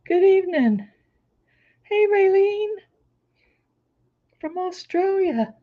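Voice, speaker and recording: A woman with a hoarse, recovering voice, chatting casually on a livestream and greeting her viewers by name. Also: high-pitched, slow pace, long pauses, phone-quality sound. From Florida. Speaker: crafting channel host. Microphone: laptop microphone.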